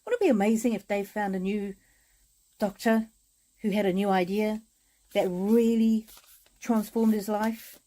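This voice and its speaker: A woman chatting with viewers on a live stream as an oracle card reader, speaking in gentle, repetitive affirmations with frequent hesitations. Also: mid-range voice, fairly even intonation, a little slow, long pauses, rough recording.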